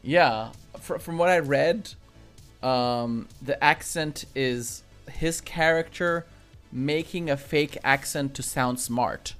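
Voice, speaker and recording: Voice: mid-range voice, slow, a bit bright, soft background music. A podcast co-host chatting about a film, hesitant at times and laughing often. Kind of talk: casual chat.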